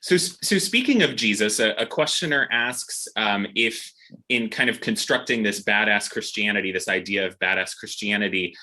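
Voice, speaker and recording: A man moderating a panel Q&A, asking questions in a measured, slightly halting way. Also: lowish voice, bright, forceful tone, poor audio. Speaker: moderator, host.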